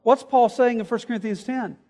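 A man preaching an expository sermon, explaining word meanings and reading scripture aloud, moving between loud emphasis and quiet asides. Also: very high-pitched, fairly quick. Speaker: pastor. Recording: hall reverb.

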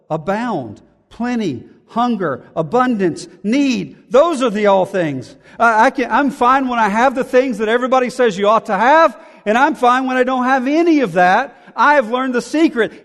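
A man's voice: very high-pitched, long reverb tail. A male pastor preaching a sermon in an expository, conversational way with emphatic asides.

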